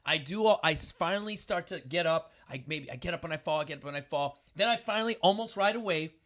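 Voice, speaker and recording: A middle-aged man hosting a casual talk show, telling a story with animated bursts of loud acting-out. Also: on the high side, fast talker. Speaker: podcast host.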